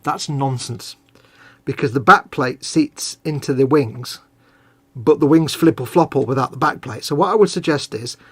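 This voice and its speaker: A man's voice: medium pitch, moderate pace, breathy edge. A man co-hosting a live hobby stream, chatting casually and joking while he puts together a model kit. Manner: jokey, rambling, mocking banter. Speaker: co-host of a model-building stream.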